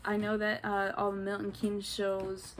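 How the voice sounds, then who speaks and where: Excitable young woman gushing on a vlog. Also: medium pitch, measured pace, slight background noise, rough recording. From New York state. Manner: excitable and gushing, with fillers and giggles. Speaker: vlogger. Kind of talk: casual vlog chat.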